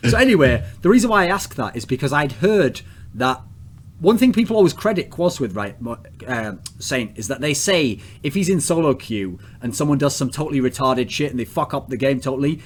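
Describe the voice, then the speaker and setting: A man's voice: mid-range voice, lively intonation, fairly quick. An English man hosting a casual podcast chat, blunt, provocative and crude in his questions. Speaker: podcast host.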